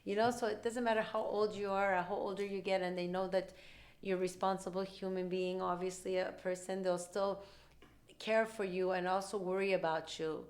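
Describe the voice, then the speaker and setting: A woman hosting a podcast, talking quickly and animatedly in casual conversational storytelling and acting out what other people said. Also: mid-range voice. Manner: rapid, animated talk, acting out quoted dialogue. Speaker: podcast host; mother.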